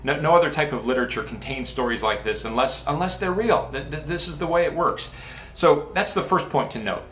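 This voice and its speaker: Male pastor, relaxed chatty preaching, restarts often, roomy church sound. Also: on the high side, a little fast, a little hiss or hum. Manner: casual and talky, with many restarts and asides. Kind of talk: conversational sermon. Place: church sanctuary. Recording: echoey church room.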